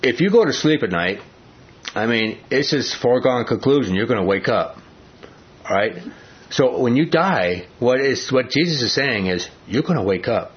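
A man leads an informal Bible study, talking conversationally with many fillers and often asking the class questions. His mid-range voice has lively intonation and a moderate pace, captured in a dull lo-fi recording.

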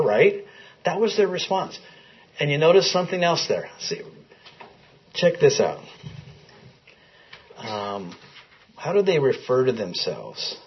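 A man's voice: fairly high pitch, sing-song, takes it slowly, long pauses, breathy edge, muffled recording. A man leading an interactive Bible class, asking his listeners questions in a conversational way.

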